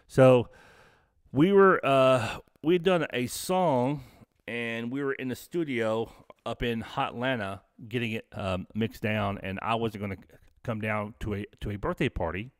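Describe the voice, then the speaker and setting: A middle-aged man from the American South rambles through a story on his live stream, cursing constantly and tripping over restarts. His voice sits on the low side. The sound is close and dry, with no room around it. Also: measured pace, no echo. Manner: profane, rambling, many fillers and restarts. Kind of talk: casual storytelling.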